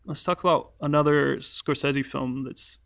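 A man's voice: on the high side, steady tone, unhurried, gravelly, fairly bright tone. A man co-hosting a casual film podcast, talking with many fillers and restarts. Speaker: podcast co-host.

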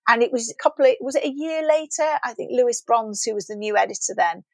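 A woman's voice: fairly high pitch, fast talker, no room sound. A middle-aged woman, a guest in an interview, telling stories animatedly and acting out the lines of people she quotes. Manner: animated storytelling, acts out quoted dialogue. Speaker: guest, former children's TV presenter. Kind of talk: reminiscing interview chat.

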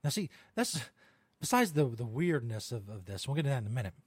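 A man's voice: mid-range voice, big pitch swings, brisk, breathy edge, no echo. Swearing, laughing man hosting a podcast. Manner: laughs often, swears, rambling asides. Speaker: podcast host. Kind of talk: casual chat reading odd news.

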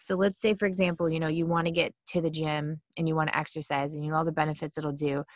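A woman giving a casual mindfulness talk, chatty and quick to act out inner thoughts in little voices. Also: low-pitched, little pitch movement, no room sound, studio quality. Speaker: mindfulness speaker.

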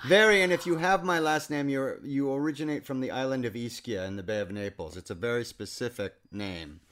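A man's voice: mid-range voice, a little fast, fairly bright tone. A middle-aged man from New York, a voice actor guest, telling stories in a rambling, casual way. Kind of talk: casual interview chat.

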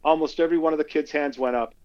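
A male podcast guest telling animated stories and acting out the quotes in them. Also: fairly high pitch, rapid-fire, lo-fi sound. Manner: animated anecdotes, acts out quotes. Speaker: guest speaker. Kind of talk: conversational storytelling.

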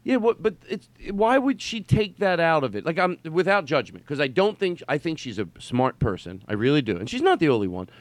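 A man's voice: a little high, big pitch swings, a little fast, hardly any pauses, dry recording. A man hosting a podcast, talking in a rambling, emphatic way with some swearing. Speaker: podcast host. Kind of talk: casual chat.

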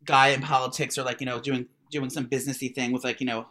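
A man co-hosting a podcast, chatting and gossiping in an animated way, stammering and swearing, with lots of fillers. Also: medium pitch, quick pace. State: congested, has to blow his nose. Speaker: podcast co-host. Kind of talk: casual gossip chat.

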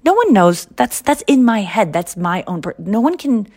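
A woman hosting a podcast, chatting casually and telling stories in an animated way, acting out what others said. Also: mid-range voice, dry recording, clean studio sound. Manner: animated storytelling, quick impressions of others. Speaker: podcast host. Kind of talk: casual chat.

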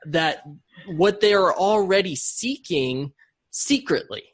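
A man's voice: sits high, lively intonation, takes it slowly. A man hosting an interview, responding enthusiastically and emphatically, often adding "right?" and doubling his words. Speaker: podcast host. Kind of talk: interview chat.

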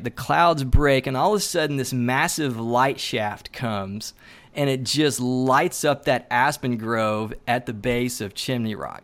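A man of middle pitch with a loose, chatty way of talking, telling a story with lots of fillers. He is animated and acts out the lines of the people in it. He sounds like a landscape photographer talking as a guest on a podcast. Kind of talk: casual storytelling.

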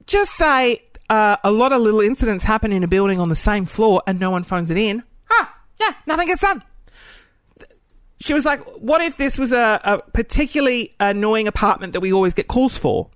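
A man tells a comic story from home in a casual, self-mocking way, playing out each voice in it. His pitch swoops all over the place. The sound is dry and close, with no room echo. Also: moderate pace, clean tone. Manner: animated, self-mocking, acts out quoted voices. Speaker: video creator telling a story. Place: at home, cooking.

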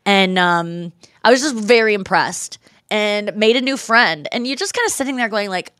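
A woman hosting a podcast, chatting casually and telling lively stories, mimicking other people's voices in quotes. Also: mid-range voice, moderate pace, dry recording, clean studio sound. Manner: animated storyteller who mimics voices in quotes. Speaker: podcast host. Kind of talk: casual chat.

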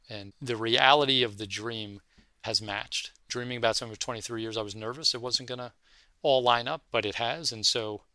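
A man, a fund manager, speaking from his office in an interview, telling his career story in an animated way and acting out the voices in his anecdotes. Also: lowish voice, dry recording. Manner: animated anecdotal storyteller, acts out quoted dialogue.

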